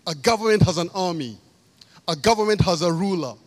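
A man's voice: high-pitched, lively intonation, brisk. A man from Kenya preaching a sermon, stressing key phrases by repeating them. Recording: long hall reverb.

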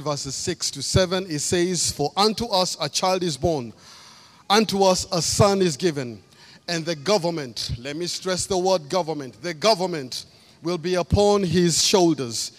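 A long hall reverb surrounds this Kenyan preacher, whose voice sits slightly high. Giving a sermon in a church hall, he presses his points by saying key phrases again and again.

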